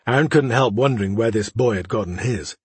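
Husky-voiced male audiobook narrator. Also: medium pitch, no echo. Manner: measured, dramatic, dropping to hushed tones. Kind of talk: audiobook narration of a fantasy story.

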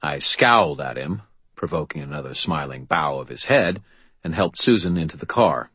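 A man reads a first-person audiobook in a dry, wry storytelling manner. His voice is very deep and a little husky, recorded close and dry with no room sound around it. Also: lively intonation, normal speed, pushed and bright, no room sound. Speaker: audiobook narrator.

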